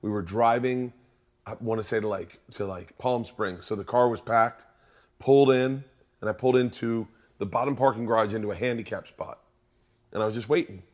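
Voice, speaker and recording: A man co-hosting a podcast, telling animated stories and laughing along in casual chat. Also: lowish voice, a little fast. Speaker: podcast co-host.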